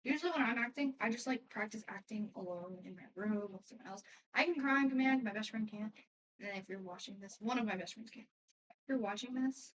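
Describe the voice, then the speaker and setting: A teenage girl chats her way through viewer questions, wandering off topic and restarting her sentences as she goes. Her voice sits a little high and comes from slightly back from the mic, with a faint layer of background noise. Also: far from the mic, low-quality recording. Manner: rambling, chatty, trails off and restarts. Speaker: vlogger answering fan questions. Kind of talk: casual chat.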